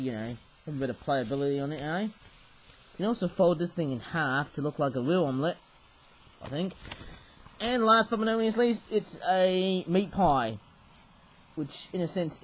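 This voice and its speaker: High-voiced man rambling over toys. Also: slight background noise, poor audio. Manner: rambling, often tags sentences with "eh?". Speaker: toy reviewer. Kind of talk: casual show-and-tell vlog.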